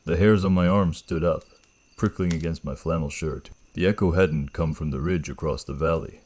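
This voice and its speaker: A man with a slight gravel in his throat, telling a first-person horror story in a slow, measured, ominous way. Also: extremely low pitch, fairly even intonation, darkish tone.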